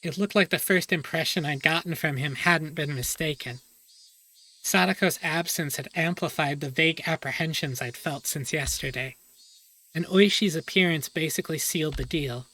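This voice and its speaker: A woman streamer reads a visual novel aloud, breaking off for joking asides. Her voice is bright and clear. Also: deep voice, moderate pace. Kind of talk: reading aloud with chatty asides.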